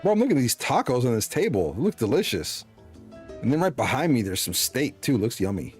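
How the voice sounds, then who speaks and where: A man's voice: medium pitch, sing-song, brisk, faint music behind. Joking gaming streamer man. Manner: joking, playful, slangy. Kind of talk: casual game commentary.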